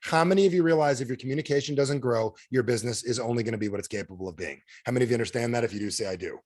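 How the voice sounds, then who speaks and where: Over a video call, a man runs a sales training as energetic coaching talk, speaking rapid-fire. He is animated, firing questions at his audience and acting out quotes in a higher voice.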